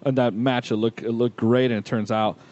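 A man co-hosting a casual sports podcast, soft-spoken and laid-back, with some hesitant fillers. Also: mid-range voice, fairly even intonation, fairly quick, lo-fi sound. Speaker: podcast co-host.

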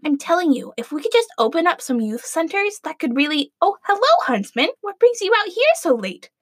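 A quirky, kind-hearted princess of eighteen, chatty and high-pitched, her voice jumping around freely, as a woman plays her. Slangy and expressive, with a dry, close sound. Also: brisk, dry recording. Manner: chatty, valley-girl slang, bright.

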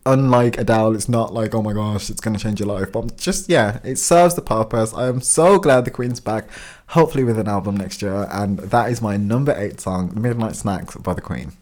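A man's voice: fairly low pitch, animated, darkish tone. A young man co-hosting a casual music chat, enthusiastic and gushing about songs he loves. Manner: enthusiastic, gushing, quick to laugh. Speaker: podcast co-host.

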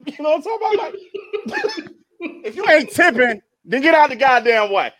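A young man and podcast co-host telling an animated comedic story in casual chat, laughing often and constantly checking in with his listeners. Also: very high-pitched, moderate pace, no echo. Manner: animated storytelling with constant laughs and "you know what I'm talking about".

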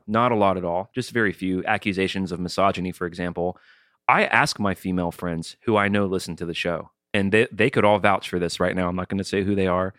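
Low-voiced thoughtful male podcast host. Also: a bit bright, dry recording, studio quality. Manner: thoughtful, reasoning aloud with restarts. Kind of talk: casual podcast discussion.

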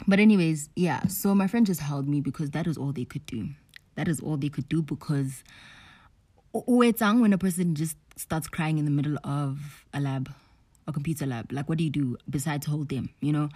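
Low, candid young woman podcasting. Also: dark tone, dry recording. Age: young adult. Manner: chatty and candid, slangy asides, drops to whispers for emphasis. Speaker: podcast host. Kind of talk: casual personal podcast monologue.

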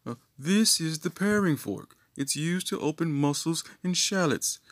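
A man's voice: a little high, lively intonation, measured pace, no echo, voice pushed up. A man voicing a snooty adult yacht instructor who lectures children about serving on a boat. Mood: prim lecture.

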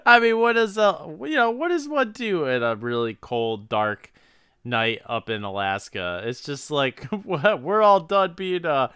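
A man's voice: mid-range voice, sing-song, measured pace, pushed and bright, smooth, no room sound, clean studio sound. A man co-hosting a casual podcast, joking profanely and laughing often. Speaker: podcast co-host. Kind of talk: casual chat.

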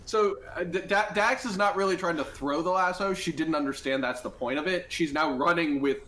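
A man in a tabletop game session describes what his character does, his voice sitting a little high for a man. He giggles often and hesitates with ums, keeping things casual. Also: a little fast, a bit bright. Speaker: player.

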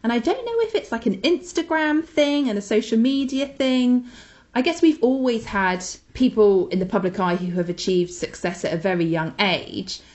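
Speaking at normal speed, a podcast co-host with a fairly high, slightly mellow voice chats casually. She talks with gushing enthusiasm about her recommendations.

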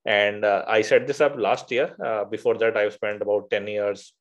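A man's voice: on the low side, fairly even intonation, normal speed, dull audio. A man from India, a podcast guest, talking in a hesitant conversational way with many filler sounds and restarts. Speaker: podcast guest, venture fund founder. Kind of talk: conversational interview.

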